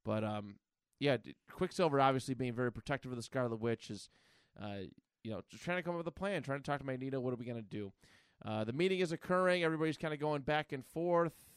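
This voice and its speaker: A man in casual podcast chat, retelling a comic book plot in a loose, rambling way and slipping into quick character voices. His voice is smooth and resonant, recorded dry and close with no room sound. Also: mid-range voice, no echo. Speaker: podcast co-host.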